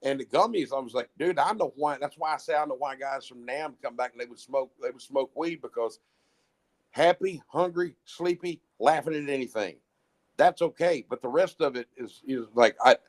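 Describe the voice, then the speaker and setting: A man's voice: medium pitch, fairly quick. A man telling stories in a rambling, blunt way, often restarting his sentences. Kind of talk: casual storytelling chat.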